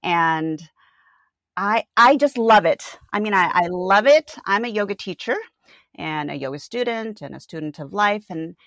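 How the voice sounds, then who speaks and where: A woman's voice: medium pitch, lively intonation, normal speed, fairly bright tone, dry recording, studio quality. A woman from Washington state hosting a podcast interview, enthusiastic and laughing often. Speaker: podcast host. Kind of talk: casual interview.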